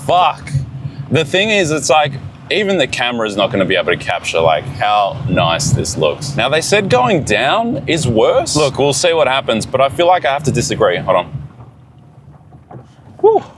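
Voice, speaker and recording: A man vlogging while he drives a small car up a mountain road, excited and swearing a lot as he talks to himself. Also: medium pitch, moderate pace, noisy background. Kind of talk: casual travel vlog.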